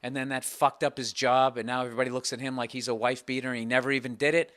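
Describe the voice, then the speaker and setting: A man's voice: mid-range voice, flat delivery, racing, fairly bright tone, no echo. A man hosting a podcast, telling a comic story in a rambling, profane, self-mocking way. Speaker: podcast host. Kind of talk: casual comedic storytelling.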